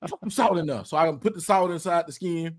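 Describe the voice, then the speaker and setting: A man, hosting a casual podcast and telling an animated story, repeating words and swearing as he acts out quotes. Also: on the high side, a little fast. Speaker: podcast host.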